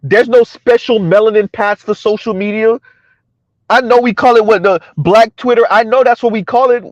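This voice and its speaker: High-pitched man, blunt mocking commentary, dry dull lo-fi sound. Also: fairly even intonation, normal speed, no room sound. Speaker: commentary channel host. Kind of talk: casual social media commentary.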